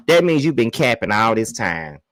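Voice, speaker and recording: A man doing celebrity gossip commentary, blunt and profane, mocking and repeating his points with lively emphasis. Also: medium pitch, normal speed, no room sound, clean studio sound.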